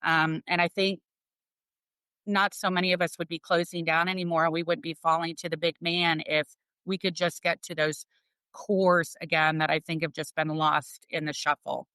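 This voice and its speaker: Woman, middle-aged, earnest and emphatic, bright voice, dry close mic. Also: low voice, little pitch movement, normal speed, smooth, no room sound. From Florida. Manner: earnest, emphatic, repeats words for stress. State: tearful, emotional. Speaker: restaurant owner, guest. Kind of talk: heartfelt podcast interview.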